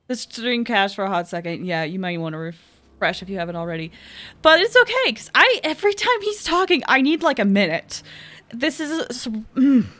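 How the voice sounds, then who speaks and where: A woman streaming a video game live, excitable and giggly, squealing and chatting to her viewers. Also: mid-range voice, moderate pace. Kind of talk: live gaming commentary. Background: game music.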